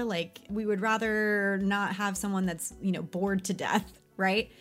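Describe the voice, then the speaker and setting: A woman co-hosts a podcast in a relaxed, chatty way. She runs through lists and quizzes her co-host with easy, conversational energy. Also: medium pitch, measured pace. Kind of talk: casual podcast chat.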